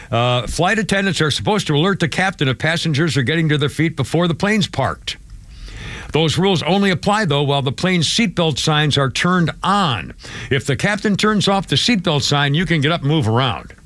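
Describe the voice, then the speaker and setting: A man hosting a radio talk show with a somewhat high voice, rambling through the news with fillers and offhand asides. His voice is close and dry, with no room sound. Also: animated, fairly quick, a bit bright, no echo.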